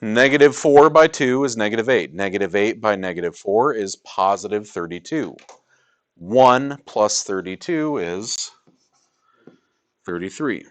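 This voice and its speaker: A man teaching a high school math class in a classroom, lecturing with emphasis and repeating key points for his students. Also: a little slow.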